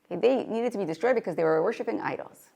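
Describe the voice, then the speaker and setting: A woman's voice: mid-range voice, fast, vocal fry, warm tone. A woman giving a Torah lecture to a live audience, reading Hebrew sources aloud and translating them, often asking questions. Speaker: Torah teacher.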